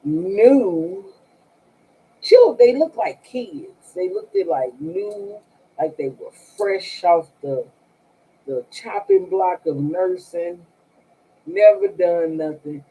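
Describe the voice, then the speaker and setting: A woman's voice: fairly low pitch, big pitch swings, slow, dark tone, slightly rough, poor audio. A woman hosting a tarot live stream, telling stories casually with a sarcastic, profane manner and frequent laughter. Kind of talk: casual storytelling to viewers.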